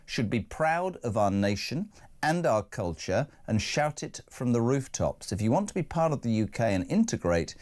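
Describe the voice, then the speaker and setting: A man's voice: medium pitch, very animated, moderate pace, darkish tone. A man hosting a live breakfast talk radio show, chatty with wry asides while reading out listener messages.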